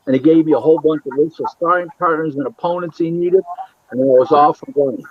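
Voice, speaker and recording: Boxing matchmaker, male, from Buffalo; lively interview storyteller who acts out dialogue, on a dry and muffled line. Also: on the high side, fast talker, husky, dry recording. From Buffalo, New York. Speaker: boxing matchmaker and booking agent. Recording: dull, lo-fi, dry sound.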